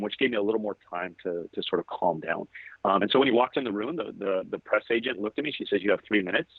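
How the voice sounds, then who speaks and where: A man of about forty, a photographer, telling a long anecdote in a relaxed, rambling way during an interview. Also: lowish voice, slightly rough, dry recording. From California. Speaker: photographer guest. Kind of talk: interview storytelling. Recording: tinny, dry phone-like line.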